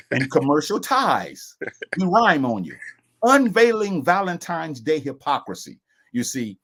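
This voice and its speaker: A middle-aged man co-hosting a casual discussion broadcast, talking in an emphatic, preachy way. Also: fairly high pitch. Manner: preachy, emphatic, sings and repeats lines. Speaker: co-host.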